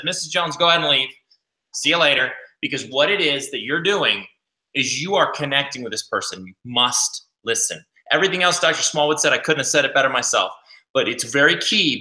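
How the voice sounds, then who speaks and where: A man hosting a coaching talk, animated and energetic, acting out quoted patients with big jumps in his voice. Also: fairly high pitch, reverberant, poor audio. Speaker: host.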